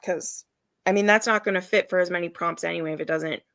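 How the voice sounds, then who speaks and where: A woman's voice: fairly low pitch, steady tone, fast talker, creaky, fairly bright tone, no echo, clean studio sound. A woman hosting a casual livestream chat, emphatic and chatty, with ranting asides. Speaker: readathon host.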